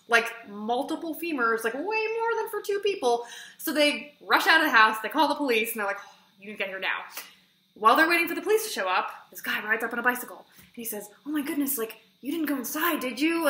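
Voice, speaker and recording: A woman chats through a book review for her vlog, excitable and peppering every sentence with "like". Her voice is bright and forceful and sits a little high. The recording rings with the echo of a room at home. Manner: chatty, fillers of "like", excitable retelling. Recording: echoey room.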